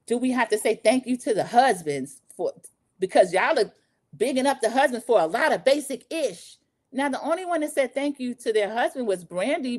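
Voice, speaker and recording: A woman hosting a casual reality show recap, chatty and lively, acting out the quotes she retells. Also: a little high. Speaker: recap podcast host.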